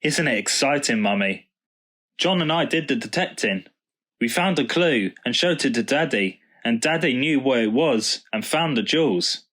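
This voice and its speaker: A man voicing an excitable young girl in a storybook reading, high and eager. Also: normal speed. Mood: excited.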